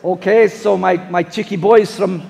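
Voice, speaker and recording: A man's voice: high-pitched, fairly even intonation, normal speed, creaky, darkish tone. A man impersonating an earnest German football coach with a German accent, speaking broken English on a live stage. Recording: live hall with audience.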